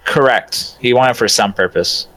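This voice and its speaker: A man's voice: medium pitch, moderate pace, fairly bright tone, dry recording, low-quality recording. A man playing in a tabletop role-playing game, joking and offhand in casual chat. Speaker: player.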